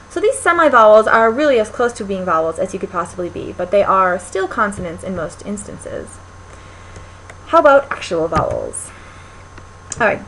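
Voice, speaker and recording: A woman's voice: medium pitch, a bit bright, slight background noise, poor audio. A young woman teaching a recorded linguistics lecture, explaining step by step with frequent ums and restarts. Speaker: linguistics instructor.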